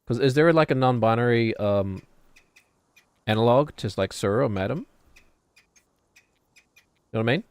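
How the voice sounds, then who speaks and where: A man's voice: medium pitch, moderate pace, long pauses, smooth, no room sound. A man in his thirties with a New Zealand accent, streaming and rambling casually in a joking, self-deprecating way. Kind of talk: casual chat while gaming.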